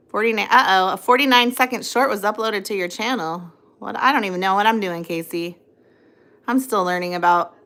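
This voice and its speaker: A young adult woman hosts a casual livestream from her phone, rambling, reading viewer comments aloud and cooing at her dog. Her medium-pitched voice is bright and forceful.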